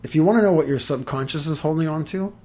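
A man, an energy healer, chatting casually and telling lively stories, swearing and laughing as he goes. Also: fairly high pitch, fast. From Los Angeles. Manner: animated, swears, laughs through his stories. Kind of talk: casual storytelling in conversation.

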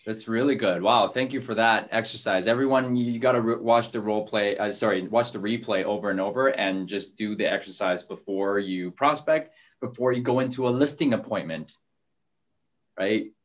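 A man hosting a coaching call, asking a voice coach earnest questions in a halting way. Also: on the low side, lo-fi sound. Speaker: host interviewing a voice coach.

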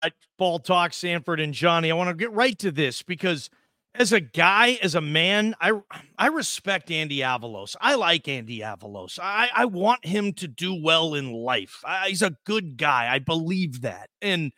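A man's voice: a little high, sing-song, moderate pace, no echo, clean studio sound. A man hosting a casual sports podcast, teasing his co-host and talking emphatically. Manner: teasing, emphatic, swings between loud and quiet.

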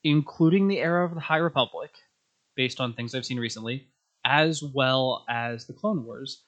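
A young man chatting as a podcast guest, telling stories in an animated way and acting out characters' lines. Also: medium pitch, moderate pace, muffled recording. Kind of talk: casual podcast chat.

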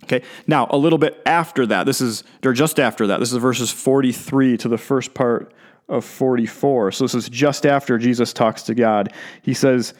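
A man who is a pastor, preaching in a conversational, animated way and often restarting or repeating his words. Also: mid-range voice, moderate pace. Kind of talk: conversational sermon.

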